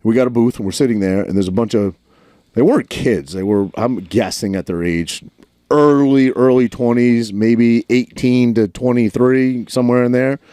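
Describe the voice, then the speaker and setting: A man's voice: medium pitch, normal speed, mellow, clear, resonant tone, dry recording. A man, telling a story in a casual podcast chat and acting out the lines he quotes. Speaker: podcast co-host.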